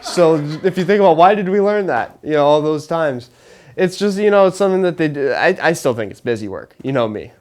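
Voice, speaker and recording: Before a live audience, a young man in college serves as host and riffs through a rambling comedic monologue, stand-up style, laughing as he goes. His voice is a little high and a little mellow, animated, and slightly quick.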